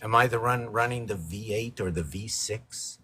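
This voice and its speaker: A man's voice: on the low side, moderate pace, pushed and bright, husky. A man hosting a casual painting livestream, rambling playfully through wordplay and letter puzzles. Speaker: livestream host painting on camera.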